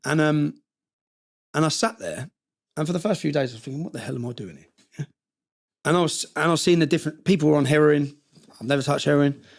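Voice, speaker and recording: A man's voice: a little high, quick pace, creaky, long pauses. A man telling a story intensely in an interview, often checking in with "yeah?" and acting out what others said. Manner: recounting with quoted dialogue. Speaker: interview guest.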